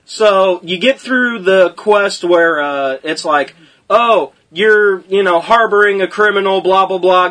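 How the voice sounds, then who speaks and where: A man's voice: high-pitched, fairly bright tone. A man recounting a video game playthrough in casual, profane, rambling chat.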